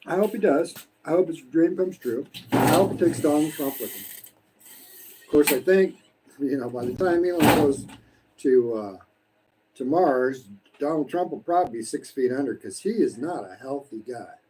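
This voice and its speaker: An American man in his sixties vlogs from his home in the Philippines, eating during a casual live-stream and speaking bluntly and preachily while swearing freely. His mid-range voice is expressive at normal speed, with a noisy background.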